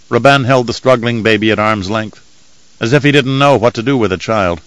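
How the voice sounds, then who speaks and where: Guy reading a novel aloud, calm measured tone, mid voice, super dry close mic. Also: mid-range voice, no room sound, rough recording. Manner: steady, measured storytelling. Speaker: audiobook narrator. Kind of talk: scripted narration.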